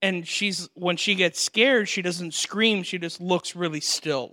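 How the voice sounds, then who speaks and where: A young man hosts a casual podcast chat, with a bright tone pitched a little high. He tells stories with energy, acting out the voices of the people in them and laughing along. The sound is close and dry. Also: measured pace, dry recording. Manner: animated storyteller, acts out voices and laughs often. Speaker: podcast host.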